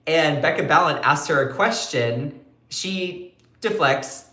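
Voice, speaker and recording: A man hosting a live-stream commentary show, talking in an animated, sarcastic way and slipping into voices to retell quotes. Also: a little high, takes it slowly. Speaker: political commentary host. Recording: echoey room.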